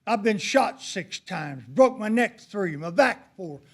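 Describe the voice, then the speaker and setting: Older man at the podium, angry and emphatic, voice pitched high. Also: expressive, slow pace, a bit bright. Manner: heated, accusatory, emphatic. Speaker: public commenter. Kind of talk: public comment at a county meeting. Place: county commissioners' court meeting room.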